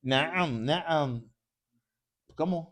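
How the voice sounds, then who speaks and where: A man's voice: a little high, extremely slow, a bit bright. A man teaching an Arabic grammar class in a mosque classroom, constantly quizzing his students with questions. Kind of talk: classroom lesson.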